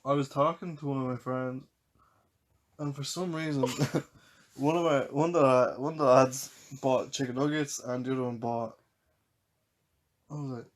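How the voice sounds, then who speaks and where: A woman in her twenties with an Irish accent co-hosts a podcast, reading anecdotes and swapping stories in casual chat while giggling often. Her bass voice keeps a fairly even intonation at a moderate pace, broken by long pauses.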